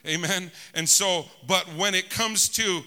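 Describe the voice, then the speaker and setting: A man preaching in a high, very bright and forceful voice, calling out to his congregation for amens. He swings between loud exclamations and quiet, hushed passages. His voice rings with the long reverb of a large hall. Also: unhurried, clear, resonant tone. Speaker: pastor. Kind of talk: preaching a sermon.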